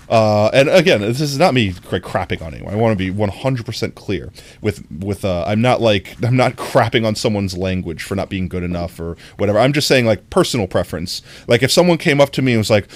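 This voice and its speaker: Animated young man chatting on stream. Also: fairly low pitch, slight background noise. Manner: rambling, animated, full of fillers and laughs; reacting to chat messages. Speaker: livestreamer. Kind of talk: casual live-stream chat.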